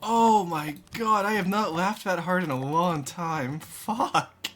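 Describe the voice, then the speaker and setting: An excitable live streamer with a medium-pitched voice chats casually with chat. The streamer swears freely and breaks into loud fits of laughter.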